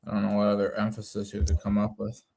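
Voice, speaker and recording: A man takes part in a casual Bible study, asking questions and working ideas out aloud. His voice sits somewhat low. He often stops and restarts mid-thought. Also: completely flat delivery, fast, gravelly, warm tone. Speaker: study group participant.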